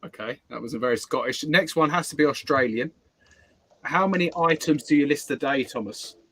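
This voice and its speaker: A man with a husky, slightly breathy voice hosts a casual live stream. He fires off questions to his guest in a playful, game-like manner. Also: medium pitch, a little fast, pushed and bright. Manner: playful quiz-style questioning.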